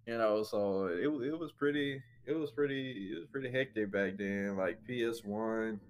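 A man's voice: lowish voice, moderate pace, slight background noise. A man hosting a casual gaming podcast, laid-back, telling stories and laughing often. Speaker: podcast host. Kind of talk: casual chat.

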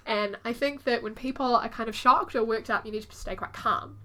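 This podcast co-host has a fairly quick, somewhat high voice and keeps the chat casual. When she tells a story, she brings it to life by voicing the people in it.

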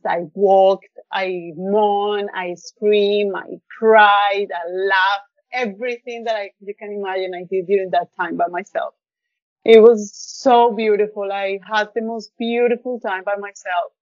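A woman's voice: medium pitch, no room sound, dull audio. Effusive woman telling a heartfelt story. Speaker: podcast guest. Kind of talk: casual storytelling interview.

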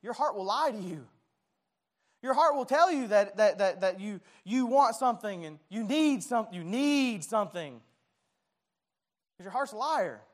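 A man's voice: sits high, lively intonation, a little slow. A man preaching a sermon as pastor, conversational and self-deprecating, often stumbling and restarting his words.

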